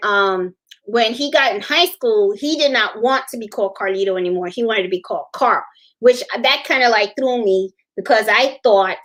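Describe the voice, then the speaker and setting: A woman's voice: on the high side, fairly bright tone. A middle-aged woman hosting a live sewing stream, chatting in a rambling way, laughing often and answering viewer comments. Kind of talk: casual livestream chat.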